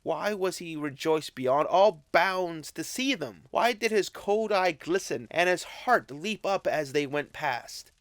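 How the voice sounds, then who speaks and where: A man narrating a classic novel as an audiobook, with expressive, unhurried storytelling. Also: on the high side, dry recording. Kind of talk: scripted narration.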